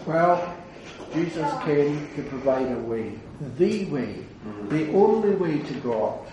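A man preaching an earnest evangelistic sermon, building to fervent declarations and then dropping low. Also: lively intonation, slow pace, noisy background. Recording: very echoey hall, heard from a distance.

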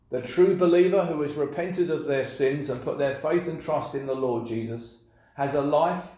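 Male preacher, earnest, repeats words for emphasis; warm low-bright tone, heavy room echo. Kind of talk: sermon. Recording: very echoey room.

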